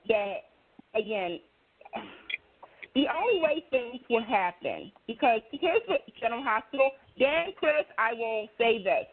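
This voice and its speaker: A woman co-hosting a casual chat about soap operas, talking in an animated, emphatic way. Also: sits high, husky. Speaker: co-host. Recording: tinny phone-line audio.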